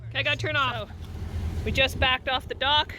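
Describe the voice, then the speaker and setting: A woman's voice: high voice, fairly even intonation, a little fast, sharp tone, a little hiss or hum. A woman hosting a vlog, chatting to camera as she films outdoors on a boat at a dock. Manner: chatty, narrating while filming. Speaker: vlog host. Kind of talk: casual vlog narration to camera.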